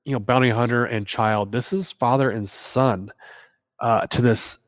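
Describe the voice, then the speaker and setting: A man co-hosting a casual podcast, talking in a measured, thoughtful way with many pauses and fillers. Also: medium pitch, fairly even intonation, no echo, clean studio sound, long reverb tail. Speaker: podcast co-host.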